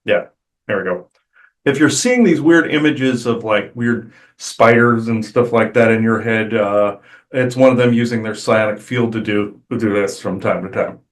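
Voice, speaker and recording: A man's voice: on the low side, normal speed. Rambling man with constant "uh" fillers. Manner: hesitant, many "uh" fillers, rambling. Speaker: channeler on a spiritual podcast. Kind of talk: casual channeled talk.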